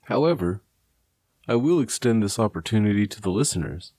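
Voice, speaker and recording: A laid-back young man hosting a podcast, talking casually with plenty of swearing and laughter. His voice sits low, and the sound is close and dry. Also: lively intonation, a little fast, warm tone, slightly rough, dry recording. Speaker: podcast host.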